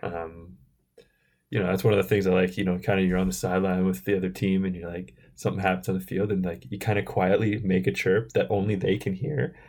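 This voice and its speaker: Brief: man, 30s, podcast co-host, low gravelly voice, relaxed rambling talk with lots of fillers. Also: fast. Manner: relaxed, rambling, many fillers like "like" and "you know". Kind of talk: casual chat.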